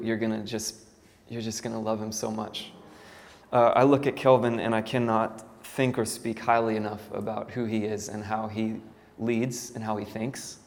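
Worship pastor storytelling in a reverberant hall. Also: male voice, on the low side. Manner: casual storytelling, self-deprecating, many fillers. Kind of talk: church talk. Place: church hall. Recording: hall reverb, faint ambient noise.

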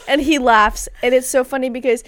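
Giggly young woman, chatty co-host. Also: fairly high pitch. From Pacific Northwest. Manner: giggly, chatty, full of fillers. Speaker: podcast co-host. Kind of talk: casual chat.

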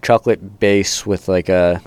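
A man co-hosting a podcast, talking casually and telling animated stories. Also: deep voice, unhurried, no room sound. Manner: chatty, animated storyteller. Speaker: podcast co-host. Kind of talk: casual chat.

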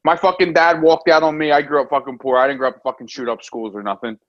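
A man's voice: a little high, fairly even intonation, fast. An American man in casual talk, ranting in frustration and swearing a lot. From United States. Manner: profane, exasperated ranting. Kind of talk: casual heated chat. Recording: dull lo-fi sound.

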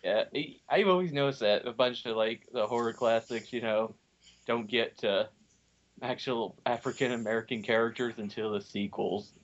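A man chatting with friends over a movie, hesitant and halting, with plenty of chuckles. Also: medium pitch. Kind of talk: casual chat. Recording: dull lo-fi home recording.

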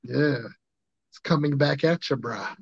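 Casual male podcast host, slangy, a bit higher voice, dry close mic. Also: measured pace, creaky, breathy edge, no echo. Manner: laid-back slangy banter. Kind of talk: casual chat. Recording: dull lo-fi sound.

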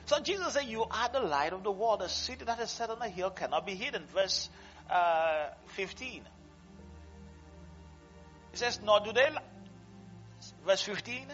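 A male pastor preaching a sermon, swinging between loud exclamations and quiet conversational asides, laughing often. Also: sits high, expressive, moderate pace, highs cut off, faint music behind. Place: church service.

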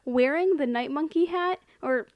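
A chatty woman co-hosting a podcast, with a high voice and speech full of "like" as she recaps a movie. The sound is dry and close, with no room echo. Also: moderate pace, muffled recording. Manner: chatty, lots of "like", laughs often. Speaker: podcast co-host. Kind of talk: casual chat recapping a film.

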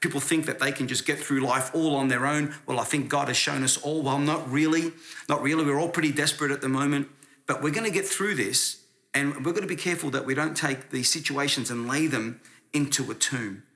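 A man's voice: mid-range voice, fairly quick, pushed and bright. A man preaching a sermon as pastor, earnest and conversational, often restarting his words.

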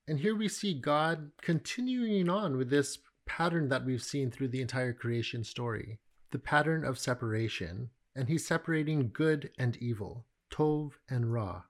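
A middle-aged man teaching from the Bible in a relaxed, conversational way, with animated storytelling. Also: mid-range voice.

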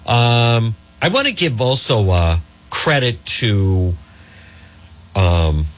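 A man hosting a talk radio show, talking in a rambling, animated way and addressing the listeners as folks. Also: mid-range voice, slow pace.

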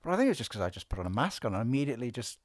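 A man on a podcast, telling stories in a lively way and acting out what people said. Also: mid-range voice, very fast, dry recording, clean studio sound. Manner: animated storyteller, acts out quotes. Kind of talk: casual podcast chat. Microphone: studio podcast microphone.

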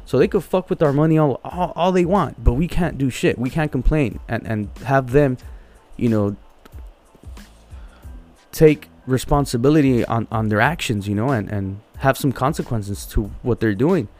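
A man's voice: mid-range voice, normal speed, darkish tone, faint music behind. A man on a podcast telling a heated story, swearing constantly and repeating words as he goes. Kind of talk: casual profane storytelling.

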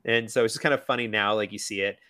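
A man with a fairly low voice chats through a movie scene by scene, loose and rambling, full of "um" and "like". The sound is close and dry, with no room echo. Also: fairly even intonation, fast, sharp tone. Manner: chatty, lots of fillers, quotes characters in a silly voice. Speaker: podcast co-host. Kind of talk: casual movie commentary.

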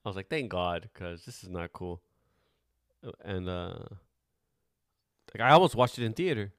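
A man in his forties hosts a podcast, chatting casually in a laid-back way, rambling through stories and swearing often. His voice is deep, clear and resonant, fairly bright, with lively intonation and a moderate pace. The studio sound is clean, with no room sound.

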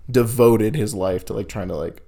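Gravelly young man telling stories. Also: on the low side, moderate pace, mellow. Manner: laughing storyteller, filler-heavy. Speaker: podcast co-host. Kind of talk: casual chat.

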